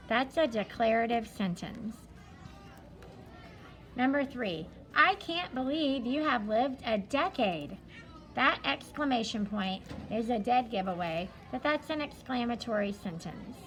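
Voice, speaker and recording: A woman's voice: fairly high pitch, a bit bright, a little hiss or hum, poor audio. A woman elementary school teacher going over a study guide, explaining each answer patiently and step by step.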